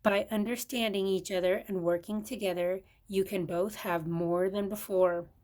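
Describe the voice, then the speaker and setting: A kindly little redbird from a storybook who chirps softly and calms her friends with sweet words, as an older woman reads her part. The pitch stays in a middle range. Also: normal speed, close to an everyday voice. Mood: cheerful. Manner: soft, sweet, soothing. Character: gentle kind female redbird peacemaker.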